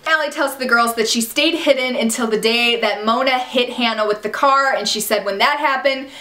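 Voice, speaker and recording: A young woman excitedly recapping a TV episode, gushing and exasperated by turns. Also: a little high, moderate pace, roomy sound. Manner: gushing and exasperated, jumps into quoted shouts. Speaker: TV recap vlogger.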